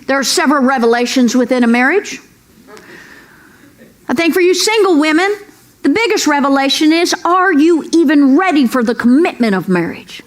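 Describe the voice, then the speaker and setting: Brassy high-voiced woman comic. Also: expressive, normal speed. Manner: folksy, brassy, punchy punchlines. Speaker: stand-up comedian. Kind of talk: stand-up comedy routine. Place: comedy club stage before a live audience. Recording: live club audio with crowd laughter and noise.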